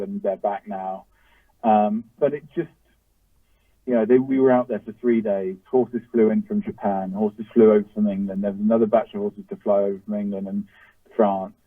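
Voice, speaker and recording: Low-voiced man telling a story down a tinny line. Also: dry recording. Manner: rambling, many fillers and restarts. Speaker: racehorse trainer. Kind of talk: interview storytelling. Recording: tinny phone-like line, distant from mic.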